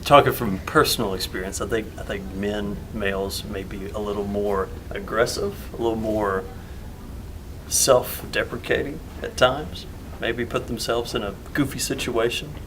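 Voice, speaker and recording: A man's voice: fairly low pitch, fairly even intonation, moderate pace, noisy background. A young man answering thoughtfully with some hesitation. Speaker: interviewee. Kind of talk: casual interview answer.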